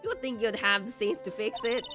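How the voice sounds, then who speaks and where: A woman's voice: fairly high pitch, animated, brisk, over music, lightly acted. Woman doing a brash, insulting male puppet. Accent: attempted country accent. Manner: mocking, insulting.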